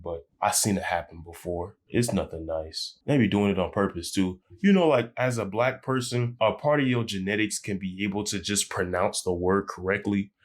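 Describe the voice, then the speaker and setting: A man hosting a casual reaction video, chatty, laid-back and slangy. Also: on the low side. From United States. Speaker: YouTube reaction host.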